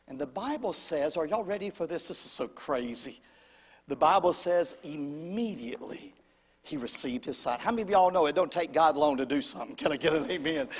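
A male preacher telling a story in a sermon, swinging from shouts to whispers and calling out to the congregation. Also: fairly high pitch, expressive, brisk, breathy edge, long reverb tail.

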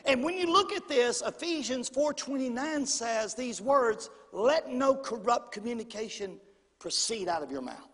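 A middle-aged man preaching a sermon in a folksy, animated way, calling out to the congregation. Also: very high-pitched, measured pace. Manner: folksy, animated preaching with audience call-outs. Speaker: pastor. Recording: long hall reverb, husky voice.

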